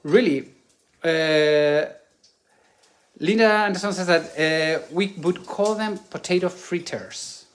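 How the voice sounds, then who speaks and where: A man's voice: on the high side, slow pace, a little hiss or hum. A man with Spanish as his first language and a lingering cough, chatting casually while cooking in a home kitchen and searching for English words. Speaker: cooking video co-host.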